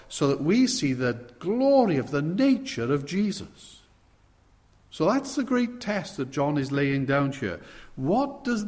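A man's voice: a little high, a little mellow. A man preaching an expository sermon, stressing key words with sudden swells in volume. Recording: long hall reverb.

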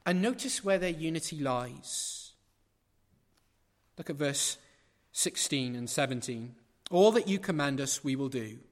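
Preacher with a long hall echo. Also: male voice, a little high, lively intonation, measured pace. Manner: builds to loud emphatic peaks, then drops to quiet asides; rhetorical questions and repetition. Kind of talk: sermon. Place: large church building.

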